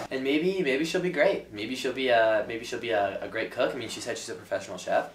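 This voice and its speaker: A man's voice: medium pitch, a little fast, hardly any pauses. A young man talking casually to the camera in his apartment, rambling and hesitant, mocking himself with lots of fillers. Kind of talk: casual confessional talk to camera. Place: apartment room. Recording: roomy echo, faint background noise.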